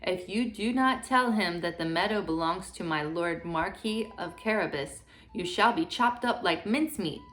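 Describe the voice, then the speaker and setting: A woman voicing a cunning talking cat who flatters royalty in a courtly, scheming way, for a children's storybook reading. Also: fairly low pitch, moderate pace, hardly any pauses, soft background music, close to an everyday voice.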